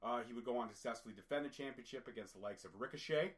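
A man's voice: medium pitch, very fast. A man from Canada hosting a casual podcast, reading through facts with jokey asides. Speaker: podcast host.

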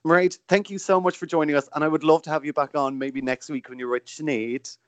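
A man's voice: a little high, fairly even intonation, quick pace. A man hosting a podcast from home, upbeat and chatty, swearing casually. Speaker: podcast host. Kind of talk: casual chat. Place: home, by a fire.

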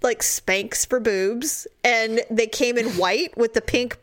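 A young woman chatting casually as a podcast co-host, telling stories with lively acted-out quotes. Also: slow. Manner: animated storyteller, acts out quotes in high squeals. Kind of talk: casual chat.

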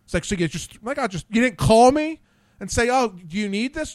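A man's voice: very high-pitched, expressive, fairly quick, no echo. A man hosting a podcast, telling rambling, profane stories and losing his train of thought. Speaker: podcast host. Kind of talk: casual profane storytelling.

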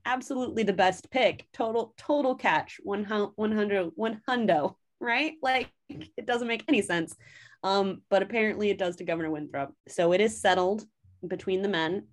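A woman casually recapping a story as a podcast host, chatty, animated and fond of swearing. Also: medium pitch, moderate pace.

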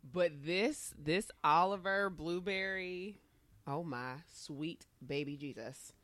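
A woman's voice: on the low side, slow pace, fairly bright tone, dry recording. A young adult woman co-hosting a podcast, telling salty, laughing stories in casual chat. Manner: salty, laughing, profane storyteller. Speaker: podcast co-host.

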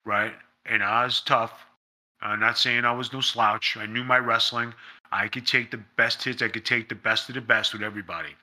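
A man's voice: mid-range voice, steady tone, moderate pace, sharp tone. A man being interviewed, talking in a blunt, emphatic way and swearing freely. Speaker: interview guest, former pro wrestler. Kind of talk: casual interview storytelling.

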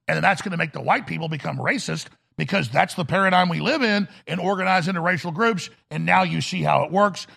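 Gravelly, fervent talk-radio host. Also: male voice, high voice, fairly bright tone. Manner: fervent, indignant, rambling. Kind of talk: heated political talk radio.

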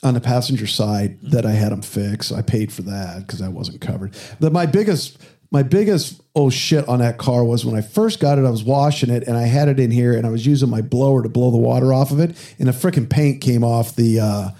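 A man's voice: medium pitch, a little fast, mellow. A man hosting a casual car podcast, swearing freely and acting out both sides of his quoted arguments. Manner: profane storyteller who acts out quoted exchanges.

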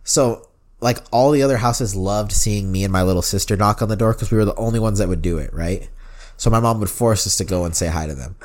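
A man's voice: lowish voice, fairly quick, a little mellow. A young man co-hosting a podcast in casual chat, swearing often and saying "like" and "bro" a lot. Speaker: podcast co-host.

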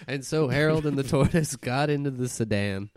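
A man's voice: medium pitch, moderate pace, darkish tone. A man narrating an improvised comedy scene in a wry, giggly way. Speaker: comedy podcast host.

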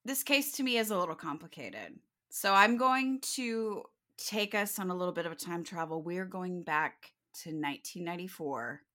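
A woman's voice: fairly low pitch, normal speed, few pauses, bright, forceful tone. A woman co-hosting a true-crime podcast, telling the case in casual talk, swearing and joking as she goes. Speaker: podcast co-host.

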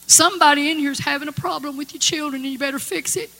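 Speaking fast in a high, pushed and bright voice, this woman is a gospel singer sharing earnest, folksy testimony with a congregation. The setting is a church or conference hall, captured with long reverb and music behind her.

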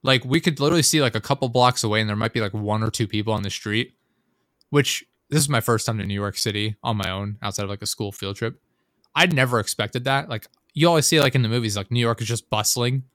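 A man's voice: medium pitch, fairly bright tone, no room sound, clean studio sound. A young man in casual chat, telling a rambling, profane story full of fillers and asides.

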